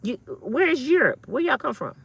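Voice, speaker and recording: A woman's voice: high-pitched, very animated, moderate pace, gravelly, a bit bright, slightly rough. A woman in her fifties, an online commentator, delivering a blunt, fiery, profane rant full of slang. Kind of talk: ranting monologue.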